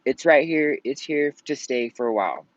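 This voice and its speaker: A man's voice: medium pitch, animated, moderate pace, dry recording. A man venting in a casual vlog rant, rambling and swearing often out of frustration. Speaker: vlogger. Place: at home in Colorado. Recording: dull lo-fi sound.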